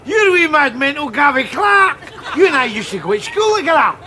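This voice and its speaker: Loud teasing Glaswegian man, high and lively, noisy crowd behind. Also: a little fast. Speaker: sitcom lead character. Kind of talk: sitcom acting.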